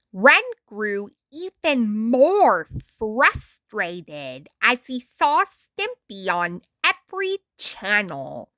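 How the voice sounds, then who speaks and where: A woman reading a storybook aloud with a deliberate, expressive storytelling manner. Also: fairly high pitch, no echo, clean studio sound. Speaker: storytime reader.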